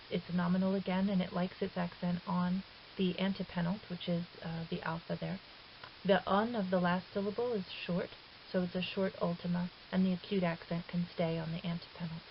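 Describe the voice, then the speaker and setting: A woman explaining a language lesson in a patient, methodical voice-over, sometimes pausing with fillers and correcting herself. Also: on the low side, vocal fry. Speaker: Greek teacher. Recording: dull lo-fi recording with faint hiss.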